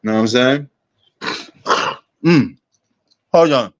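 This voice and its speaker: A man's voice: mid-range voice, slow pace, highs cut off. A man hosting a sports livestream, rambling in a laid-back, casual way and talking straight to his viewers.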